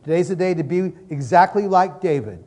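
A pastor delivers a sermon with fervent, repetitive emphasis. His voice sits a little higher than most men's. He slips into spoken prayers as he preaches. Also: animated, brisk, warm tone.

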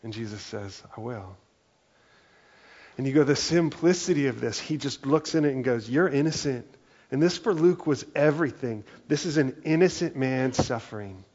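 A man's voice: mid-range voice, darkish tone, breathy edge, muffled recording. A man preaching a sermon, earnest and conversational, often dropping in "like" and "right?" as he talks. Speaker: pastor.

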